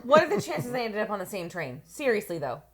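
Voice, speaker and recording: Woman, podcast co-host, bantering, quick-witted, bouncy intonation. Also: medium pitch, big pitch swings, heavy background noise. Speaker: co-host of a movie review podcast. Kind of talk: casual joking chat. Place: at home.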